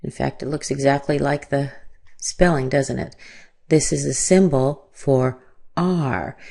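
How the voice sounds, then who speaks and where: A woman with an American accent gives a careful pronunciation lesson in a low, mellow voice. She speaks at an unhurried pace and draws out each modeled word so the vowels can be heard clearly. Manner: models words slowly with stretched vowels. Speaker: pronunciation teacher. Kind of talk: slow, deliberate pronunciation lesson.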